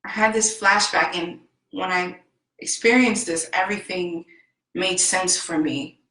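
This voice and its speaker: A woman vlogger telling a personal story in a slow, heartfelt and emphatic way. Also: fairly low pitch, bright, forceful tone, reverberant, rough recording. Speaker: self-help vlogger.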